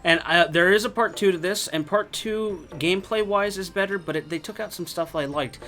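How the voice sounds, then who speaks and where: A man's voice: high-pitched, fairly quick, bright, forceful tone, faint music behind. A man chatting casually while reviewing an old fighting game, rambling with lots of fillers and restarts.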